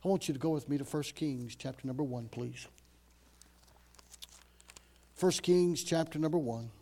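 Dramatic preacher man, higher voice. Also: moderate pace. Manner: dramatic, swinging between loud emphasis and hushed low phrases. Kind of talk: sermon.

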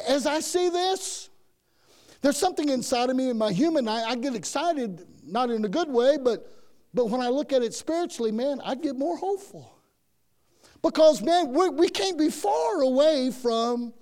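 A man's voice: extremely high pitch, mellow. A man preaching a sermon, folksy and emphatic, repeating himself and often saying "man". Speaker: pastor.

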